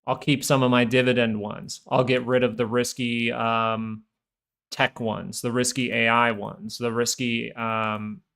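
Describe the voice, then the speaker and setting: A man's voice: mid-range voice, level tone, unhurried, creaky, fairly bright tone. A man hosting a live stock market stream, talking casually in a rambling, chatty way. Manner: rambling, chatty, full of fillers and asides.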